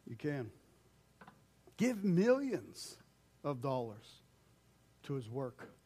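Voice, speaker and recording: An older man preaching a conversational sermon as pastor, acting out quoted voices and swinging between loud calls and hushed lines. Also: mid-range voice, sing-song, extremely slow, slightly rough.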